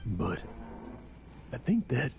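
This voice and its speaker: A gravelly, weary old adventurer. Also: male voice, mid-range voice, wildly swooping pitch, darkish tone, exaggerated voice. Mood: stunned, moved. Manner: halting, emotional. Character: aging, remorseful male adventurer. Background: game music.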